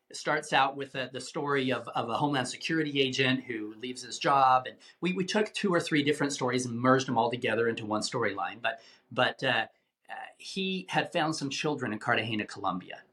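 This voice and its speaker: A man telling a tense story as an interview guest, animated and given to repeating words as he talks. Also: mid-range voice. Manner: animated, acts out quoted voices, repeats words.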